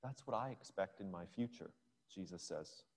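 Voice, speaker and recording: A man's voice: low voice, lively intonation, normal speed, breathy edge. A male preacher giving a sermon, retelling a scripture scene as a story for his listeners. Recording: long hall reverb.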